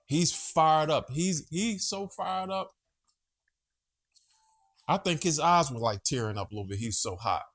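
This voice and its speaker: A man's voice: fairly high pitch, unhurried, long pauses, fairly bright tone. A man hosting a casual monologue vlog from home, chatty, profane and easily sidetracked. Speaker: vlogger host.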